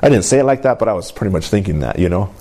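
Lively male preacher asking for amens, voice jumps up and down a lot. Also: lowish voice, very fast. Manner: animated, call-and-response, laughs often. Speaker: pastor. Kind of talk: sermon.

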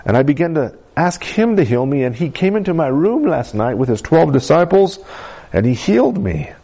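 A man's voice: normal speed, creaky, breathy edge, full character voice. A man voicing an overjoyed young woman. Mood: elated. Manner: excited, high-pitched exclaiming. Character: young woman, overjoyed after being healed.

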